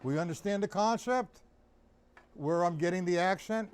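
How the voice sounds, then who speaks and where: A man's voice: high voice, normal speed, smooth. A man giving a drum lesson on a live stream, counting beats aloud and asking viewers by name whether they follow. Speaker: drum teacher. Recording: loud drumming behind the voice.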